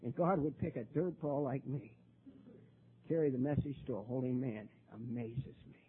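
An older man telling his own recovery story at a meeting, halting and repeating words, his voice rising when he gets worked up. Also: medium pitch, fairly even intonation, slight background noise. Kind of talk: personal testimony talk. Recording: tinny phone-like recording.

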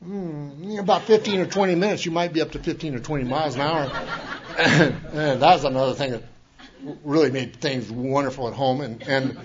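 Man telling his story, self-mocking, restarts a lot, higher voice, lo-fi. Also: fairly even intonation, moderate pace. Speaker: recovery meeting speaker. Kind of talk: personal testimony talk.

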